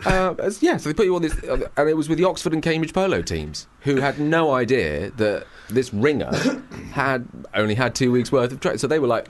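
Animated man telling stories. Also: medium pitch, a little fast, few pauses. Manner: animated, acts out voices in his stories. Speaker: guest. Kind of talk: anecdotal storytelling.

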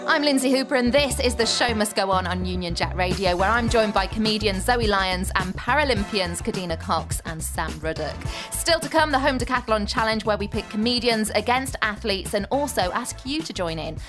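Brisk female radio host over music. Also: mid-range voice, expressive. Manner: brisk, linking segments. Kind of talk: radio talk show hosting.

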